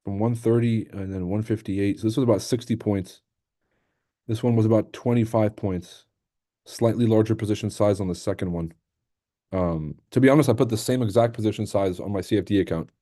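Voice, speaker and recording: A man's voice: fairly low pitch, brisk, warm tone. Profane, joking male livestream trader. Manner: joking, profane, reacts to chat. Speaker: livestream trading host. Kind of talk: casual livestream commentary.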